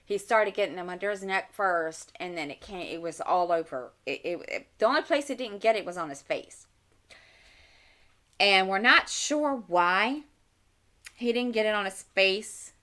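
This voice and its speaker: A woman's voice: medium pitch, expressive, moderate pace, pushed and bright. A middle-aged woman chatting casually at home while crafting, rambling and talking to herself as she works. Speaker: channel host. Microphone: desk mic.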